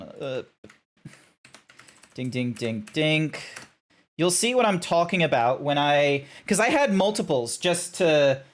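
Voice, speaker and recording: A man talks off the cuff on a live stream. He wanders between tangents and swears freely. He fills his sentences with "like" and made-up filler words. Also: on the high side. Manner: rambling, swears, many fillers. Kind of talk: casual live-stream rant.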